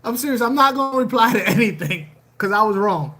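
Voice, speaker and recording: On a livestream, an aquarium channel host chats casually, animated and joking, frequently repeating phrases. The voice is mid-range and a little fast.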